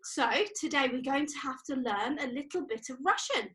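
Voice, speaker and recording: Her voice is high, bright and forceful, moving at a moderate pace. This young woman runs a sing-song video class for preschoolers, cheerfully guiding physical activities and counting the exercises aloud.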